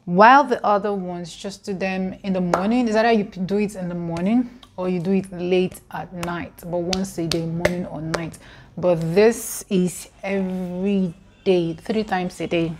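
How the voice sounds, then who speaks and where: A young Nigerian woman with a Nigerian accent, chatting casually to camera as a vlogger, emphatic and quick to laugh between points. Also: lowish voice, fairly even intonation, noisy background.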